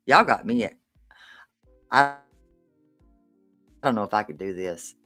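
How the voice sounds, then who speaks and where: A woman from Tennessee with a Southern accent, reacting live to a video. She talks slowly and stretches her words, and her pitch swings widely as she exclaims in disbelief and swears. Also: lively intonation, a bit bright, faint music behind. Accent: Southern American. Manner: incredulous, exclaiming, swearing, drawn-out.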